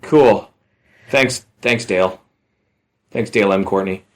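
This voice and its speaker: A man's voice: lowish voice, takes it slowly. A man reading a bad book aloud for laughs, with sarcastic, mocking interruptions.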